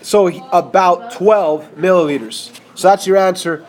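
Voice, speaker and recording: A man's voice: high-pitched, a little slow, hardly any pauses, darkish tone. A man teaching a math lesson over a whiteboard, talking casually and checking in with his students.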